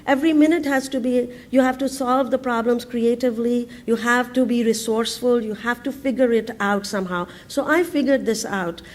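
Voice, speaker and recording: A woman tells her story to a conference audience. She speaks in a fairly high voice, laughing often, breaking off and restarting her sentences. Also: fairly quick, few pauses. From India. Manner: lively, laughing, frequent restarts and fillers. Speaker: entrepreneur giving a conference talk. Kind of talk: humorous storytelling talk. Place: conference stage before an audience.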